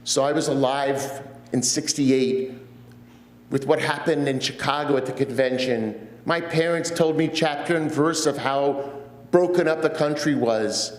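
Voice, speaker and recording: A man in his fifties, a guest rabbi, preaching a sermon and telling stories earnestly, with pauses. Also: mid-range voice. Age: 50s. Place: church sanctuary. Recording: echoey church sanctuary.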